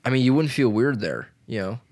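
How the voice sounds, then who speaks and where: A man's voice: mid-range voice, expressive, brisk, a little mellow. Man, twenties, casual chat, rambling, heavy filler words, swearing. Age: 20s.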